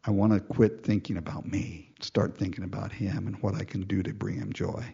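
Male preacher, sermon, animated delivery, acts out prayers, husky voice, dull lo-fi recording. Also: sits low, a little fast. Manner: animated, acts out quoted prayers, laughs often.

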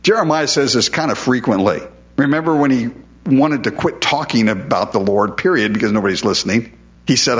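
A man's voice: fairly low pitch, brisk, fairly bright tone, dull audio. A male pastor preaching a sermon in a conversational way, often repeating words as he stresses a point.

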